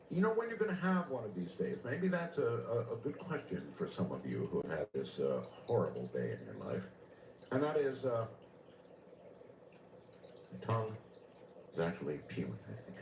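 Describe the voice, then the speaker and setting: A male radio host taking calls late at night, answering callers with wry quips. His pitch swoops from very low to high. The sound is echoey and a little distant, with faint hiss behind it. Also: a little mellow. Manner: wry, reactive, takes calls. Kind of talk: late-night call-in hosting.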